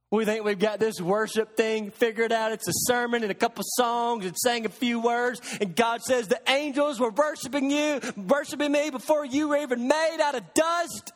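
A male pastor with a very high voice preaches in a hall with long, ringing reverb. He swings from low, hushed lines to loud, emphatic ones and presses his point with sarcastic rhetorical questions. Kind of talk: sermon.

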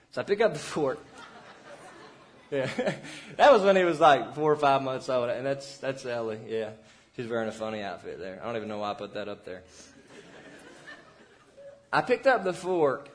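A young man preaching a sermon to parents, earnest and exhorting, moving between loud appeals and hushed, intimate passages. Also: on the high side. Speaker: pastor.

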